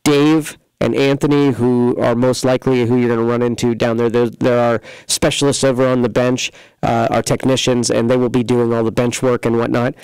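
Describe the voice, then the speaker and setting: This computer repair shop host chats on a casual local talk show from a studio, wandering through folksy tangents with plenty of fillers and restarts. He speaks flatly at a moderate pace in a smooth, darkish mid-range voice, on a dry recording with poor audio.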